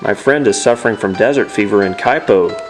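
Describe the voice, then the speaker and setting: A man voicing a firm young knight in a video game, reading his lines at a brisk clip. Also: fairly low pitch, faint music behind, lightly acted.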